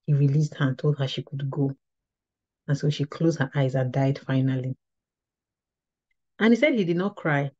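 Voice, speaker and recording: Teaching at a women's ministry, a woman shares a testimony in an earnest, storytelling manner, frequently repeating and restarting her phrases. Her voice is low-pitched with a darkish tone and no room sound. The lo-fi recording is slightly dull.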